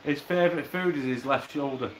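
Talking a little fast in a mid-range voice, an Oldham-accented livestream host trades casual banter, cracking jokes and swearing as he chatters on. Background noise and roomy echo fill the recording.

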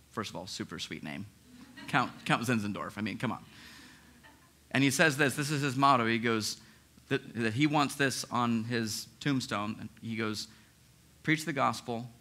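A man preaching a sermon as pastor, in a lively, conversational way with frequent restarts. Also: lowish voice, normal speed. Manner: acts out listeners' inner objections.

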